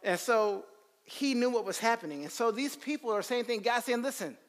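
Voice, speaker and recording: A man teaching the Bible in a lively sermon style, telling stories and acting out quotes. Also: very high voice, moderate pace. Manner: animated storytelling, slips into character voices. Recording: long hall reverb.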